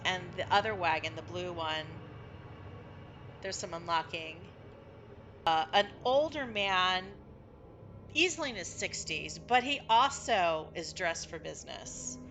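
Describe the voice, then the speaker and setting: A woman's voice: lowish voice, lively intonation, unhurried, a bit bright, faint music behind. A woman narrating as game master of a tabletop game in a casual, descriptive way, with many fillers.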